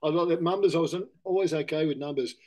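A man's voice: a little high, fast talker, mellow. Rambling Australian man, mate-heavy chat. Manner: rambling, self-correcting, says "mate" often. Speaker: interview guest. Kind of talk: casual candid conversation.

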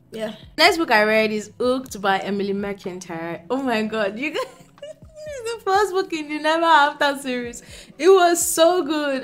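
A young woman talks straight to her camera at home, running through the books she read this month. She rants and laughs, swinging from quiet asides to loud outbursts. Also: medium pitch. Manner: animated ranting, laughing, shifting from quiet to loud. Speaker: book vlogger. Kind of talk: casual reading wrap-up. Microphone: camera mic.

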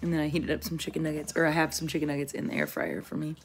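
A woman's voice: low-pitched, big pitch swings, rapid-fire, vocal fry, heavy background noise. A young woman vlogging casually, chatting in a rambling, candid way as she runs weekend errands. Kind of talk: casual vlog chat. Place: parking lot, then store.

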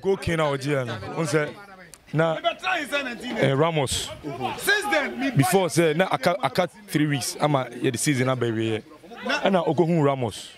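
A man's voice: on the high side, moderate pace, pauses often, over a noisy crowd. A Ghanaian man with a Ghanaian accent, an amateur footballer chatting and joking about his team.

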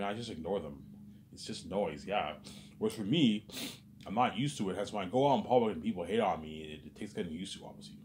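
This vlogger has a deep, darkish voice with lively intonation and a quick delivery, plus a little hiss or hum. He rambles in an agitated monologue, swearing often and repeating "obviously" and "man" over and over.

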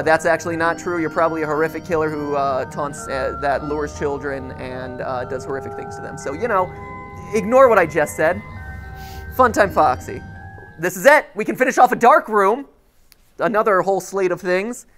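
Woman streamer, lower register, playful running commentary. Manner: reactive, jokey, bursts into loud cheers. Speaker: game streamer. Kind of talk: live gameplay commentary.

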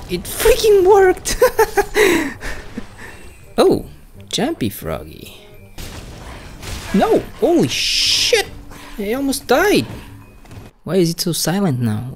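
A woman gamer giving excitable let's play commentary, swearing a lot, shrieking at surprises and talking to the enemies on screen. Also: mid-range voice, gravelly.

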